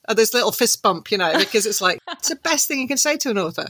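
A woman, an author telling her story as an interview guest, animated and laughing through her anecdotes. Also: medium pitch, racing, breathy edge, dry recording. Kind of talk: conversational storytelling.

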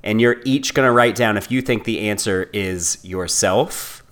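A man co-hosting a podcast, calmly explaining the rules of a quiz game. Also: lowish voice, moderate pace. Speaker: podcast co-host running a game. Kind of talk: casual chat.

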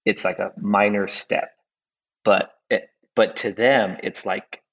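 A man's voice: on the low side, steady tone, slow pace, fairly bright tone. A man, a custom home builder, chatting as a guest in a reflective way and often repeating words while he thinks. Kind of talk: casual conversational chat. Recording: dull sound with long reverb.

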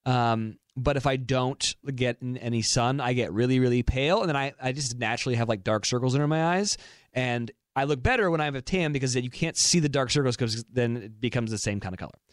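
A young man co-hosting a podcast, telling a funny story in casual chat with animated, laughing delivery. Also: mid-range voice, fairly quick, no echo, studio quality. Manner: animated, laughing storyteller who acts out quotes. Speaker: podcast co-host.

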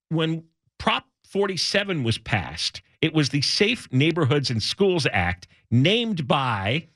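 Middle-aged male radio host, bright high voice with big swings in pitch, sarcastic and indignant, dry close mic. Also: no room sound. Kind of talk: opinionated talk radio monologue.

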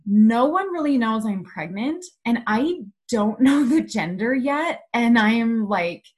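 A woman in her thirties telling a story in casual chat, animated and filled with "like". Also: a little high, unhurried, breathy edge.

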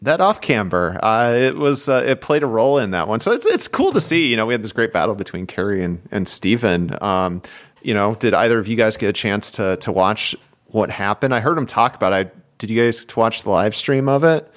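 Male podcast co-host, animated storyteller, lively pitch, jumps high on quoted lines. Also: brisk. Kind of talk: casual chat about bike racing.

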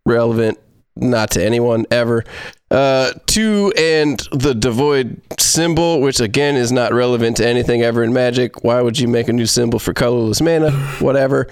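A man's voice: medium pitch, moderate pace, smooth, dry recording. Rambling joking male host, dry sound. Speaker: podcast host. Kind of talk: casual card-game chat.

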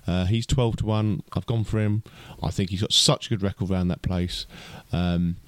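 Low-voiced guy rambling on a podcast, lots of restarts, dry mic. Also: steady tone, moderate pace, dry recording. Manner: chatty, lots of fillers and restarts. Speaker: podcast co-host. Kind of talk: casual chat.

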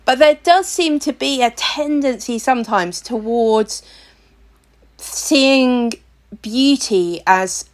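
A woman hosting a podcast interview, thoughtful and measured as she asks her questions. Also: fairly high pitch, animated. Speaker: podcast host.

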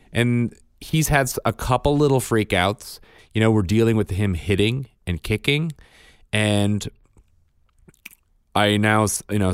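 Low-voiced man telling a parenting story. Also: no room sound, studio quality. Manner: storytelling, matter-of-fact. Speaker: podcast co-host and father. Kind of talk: casual chat.

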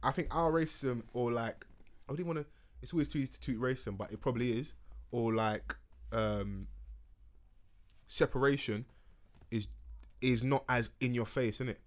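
A man, hosting a podcast in casual, slangy, animated chat. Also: mid-range voice, moderate pace, long pauses. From United Kingdom. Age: 20s. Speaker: podcast host.

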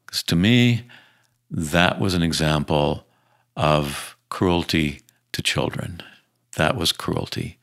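A man's voice: deep voice, slow, a bit bright. A man speaking as an author guest in an interview, emphatic and repeating his points. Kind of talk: conversational interview answers.

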